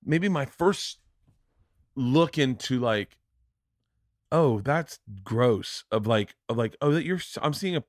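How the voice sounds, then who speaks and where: A man in his forties hosting a podcast, telling stories in a loose, animated way. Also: slow pace, pauses often, no room sound, clean studio sound. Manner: animated, jumps into loud high-pitched impressions when quoting. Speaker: podcast host. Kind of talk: casual storytelling chat.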